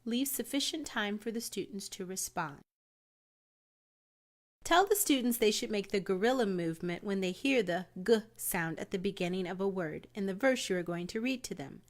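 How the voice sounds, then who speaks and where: An American woman narrating a scripted teaching lesson plan in a calm, measured, instructive way. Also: medium pitch.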